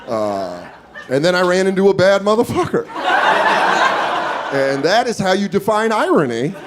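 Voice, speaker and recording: Animated man telling a stand-up story. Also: high-pitched, normal speed, very noisy. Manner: animated, profane, acts out voices. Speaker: stand-up comedian. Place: comedy club stage with live audience. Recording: loud audience laughter behind.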